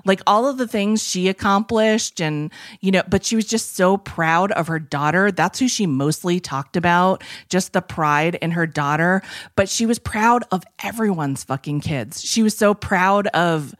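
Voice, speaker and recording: A woman's voice: fairly low pitch, unhurried, no echo, studio quality. A woman co-hosting a podcast, telling a story in rambling, filler-heavy casual chat. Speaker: podcast co-host.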